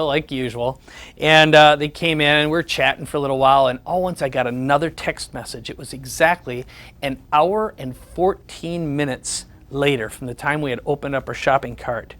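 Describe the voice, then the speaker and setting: Higher-voiced man telling a sales story. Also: a little fast, fairly bright tone. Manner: storytelling, repeats the words of others in conversation. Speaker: presenter. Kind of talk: sales presentation with personal anecdotes.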